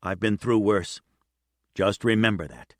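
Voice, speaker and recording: A man voicing a patient, steady female airline captain who speaks quietly and kindly. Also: fairly low pitch, unhurried, no room sound, clean studio sound, lightly acted. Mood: calm.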